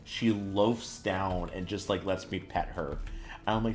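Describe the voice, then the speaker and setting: Over soft background music, a man streams a video game and chats casually with his viewers. His voice sits low with fairly even intonation and a slightly slow pace, and he tells stories with plenty of laughter and free swearing.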